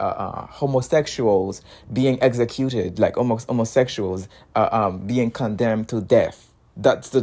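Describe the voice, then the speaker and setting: Man, non-native accent, heated casual monologue, repetitive, laughs between points, mid pitch. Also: darkish tone. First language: not English. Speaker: commentator.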